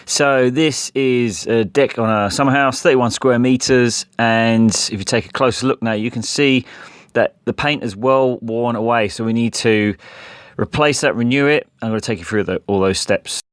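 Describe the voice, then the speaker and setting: A man's voice: mid-range voice, moderate pace, clear, resonant tone, no room sound, studio quality. A man explaining a decorating job in a practical, plain-spoken DIY tutorial.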